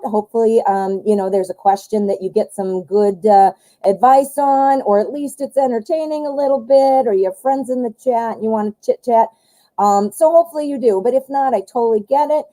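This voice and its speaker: A chatty, excitable woman, hosting a live tarot reading stream and joking about herself. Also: mid-range voice, rough recording. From western suburbs of Chicago, US. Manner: chatty, excitable, self-deprecating jokes.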